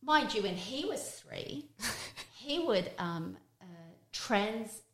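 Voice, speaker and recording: A woman's voice: a little high, animated, drawn-out words, slight background noise. A woman in her fifties, a guest, telling stories in a reflective, casual way with many fillers. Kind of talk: casual chat.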